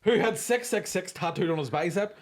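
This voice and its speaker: A man in casual podcast banter, his voice sitting a little high for a man. He tells stories in an animated way and swears freely, the way a stand-up comedian riffs with a friend. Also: a little fast.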